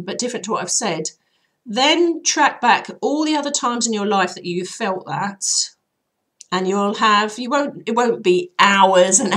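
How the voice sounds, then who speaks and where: A woman healer hoarsely guiding listeners through an emotional release process in a chatty, rambling way, with many fillers. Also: mid-range voice, a bit bright. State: voice hoarse and troubled. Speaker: healer and channel host. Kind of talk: casual spoken guidance.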